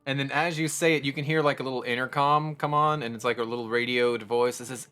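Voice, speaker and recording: A man narrating as game master of a tabletop game, relaxed and chuckling between his descriptions. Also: mid-range voice, fast, few pauses, clean tone, faint music behind.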